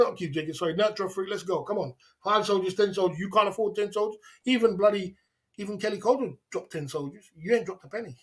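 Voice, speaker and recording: Livestream host, man, mocking and insistent, a touch high in pitch. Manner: taunting, repetitive, laughs often. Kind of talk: livestream rant at chat.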